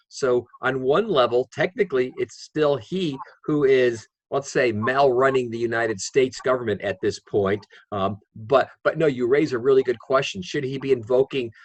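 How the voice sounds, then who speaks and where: Guy professor on a video call from home, explains stuff calmly, dry jokes, no room echo. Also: medium pitch. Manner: measured, explanatory, dry wit. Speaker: political science professor, guest. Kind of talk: interview answers.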